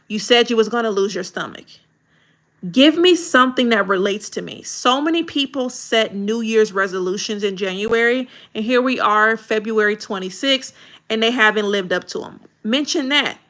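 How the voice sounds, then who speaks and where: A woman reviews creators' videos on a livestream, and her voice is bright and fairly high. She talks in a direct, casual and animated way, like a frank coach.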